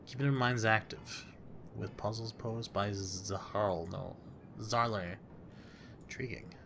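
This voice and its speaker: A man commenting as he plays a story game, jokey and excitable, often laughing at himself. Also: fairly low pitch, slow pace, creaky, a little hiss or hum. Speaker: gameplay commentator. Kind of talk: let's play commentary.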